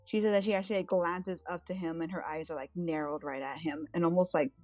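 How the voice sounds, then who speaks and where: A woman's voice: on the low side, steady tone, fast talker, a little mellow, no room sound, soft background music. A woman playing a tabletop role-playing game, describing her character's actions casually with many fillers. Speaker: player.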